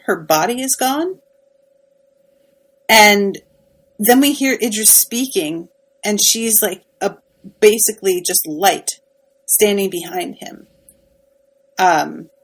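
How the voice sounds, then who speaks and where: A woman's voice: mid-range voice, poor audio. A woman co-hosting a podcast, casually recapping a TV episode in an emphatic, sympathetic way with lots of fillers. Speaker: podcast co-host.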